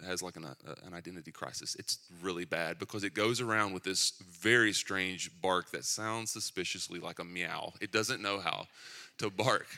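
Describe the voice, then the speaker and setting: A man's voice: low-pitched, normal speed, sharp tone. A middle-aged man preaching a sermon in a church, conversational and joking between points, with asides about his kids. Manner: conversational, self-deprecating asides. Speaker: pastor.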